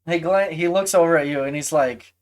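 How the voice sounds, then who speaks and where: A woman running a tabletop game, narrating in a halting way with frequent restarts. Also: lowish voice, a little mellow. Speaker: game master.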